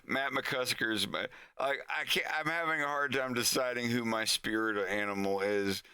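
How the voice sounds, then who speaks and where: A man's voice: medium pitch, unhurried, pauses often, sharp tone, smooth, dry recording, clean studio sound. A man chatting casually on his livestream, rambling and laughing often at himself. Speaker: animation streamer.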